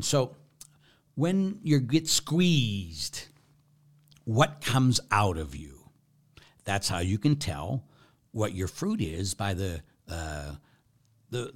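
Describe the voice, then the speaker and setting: A middle-aged man, a priest, giving a talk in a preaching style, swinging from loud emphasis to quiet asides. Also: fairly low pitch.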